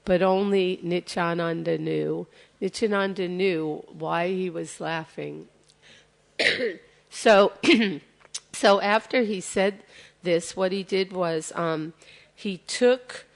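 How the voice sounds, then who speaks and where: Slow and unhurried, this woman speaks in a lowish, gravelly voice. She tells a sacred story during a temple sermon and slips into the voices of its figures as she goes. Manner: retells scripture as lively story, acting out quotes.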